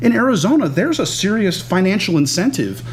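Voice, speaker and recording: A man's voice: high voice, sing-song, a little fast, a little hiss or hum. Man arguing a point in debate. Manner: argumentative, pressing. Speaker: panel participant.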